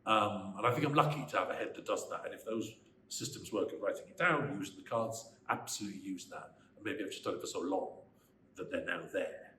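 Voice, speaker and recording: A Welsh man in his sixties, a screenwriter answering interview questions in an animated, emphatic way that turns into bursts of ranting. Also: fairly low pitch, a little fast. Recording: roomy echo, faint background noise.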